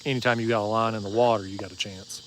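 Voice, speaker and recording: A man's voice: lowish voice, steady tone, fast talker, noisy background. Laid-back East Tennessee man drawling outdoors. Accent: East Tennessee Southern. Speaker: fishing livestream host. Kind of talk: casual livestream chat answering viewers. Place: outdoors at a marina bank at night.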